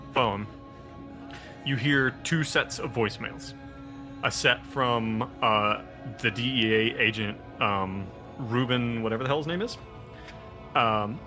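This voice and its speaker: A man narrates a tabletop horror game as its game master. His voice is bright and forward, and he rambles along with plenty of fillers. Faint music plays underneath. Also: medium pitch.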